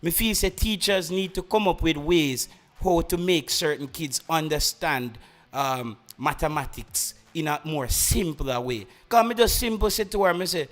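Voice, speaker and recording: A young man with a country Jamaican accent talks casually to his listeners. His voice sits fairly high, and he drifts between patois and English, restarting sentences as he goes. Faint music plays underneath. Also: moderate pace, a bit bright. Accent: Jamaican rural. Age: young adult. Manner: rambling, mixes patois and English, many restarts. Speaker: podcast host. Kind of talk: casual chat.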